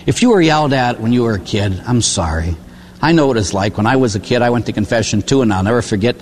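This older man from Pittsburgh, a priest, spins his sermon into folksy stories, adding "huh?" tags and acting out voices. His mid-range voice is expressive, a little mellow, and quick. The sound is roomy, with some background noise.

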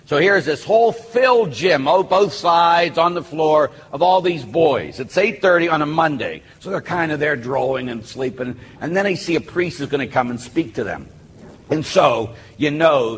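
A man, a Catholic priest, giving a live talk to an audience, telling stories with humor. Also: medium pitch. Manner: animated storytelling with humor. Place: church or hall with a live audience. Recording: echoey hall with faint noise.

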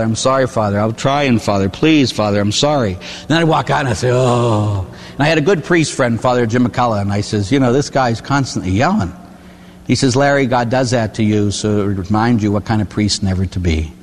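Older priest preaching in an echoey hall. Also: male voice, mid-range voice, a little hiss or hum. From Pittsburgh, USA. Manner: animated storytelling, acts out quoted voices, tag questions "huh?". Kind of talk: preaching on confession. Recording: echoey hall with long reverb.

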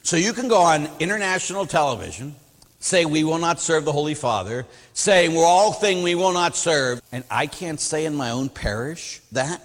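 A man, a Catholic priest, preaching a sermon in an animated, emphatic, anecdotal way. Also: a little high, moderate pace. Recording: long reverb of a hall.

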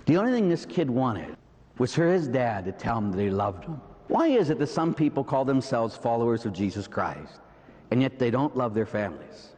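A man's voice: mid-range voice, sing-song, normal speed, darkish tone, big-room sound. A man with a Pittsburgh accent preaching a Catholic sermon, full of rhetorical "huh?" and "right?" asides. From Pittsburgh, USA. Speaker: Catholic priest.

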